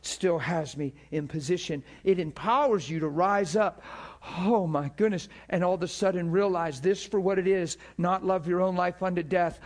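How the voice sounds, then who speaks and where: Male pastor, fairly high voice, impassioned sermon delivery. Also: animated, brisk. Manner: impassioned preaching, laughs between points.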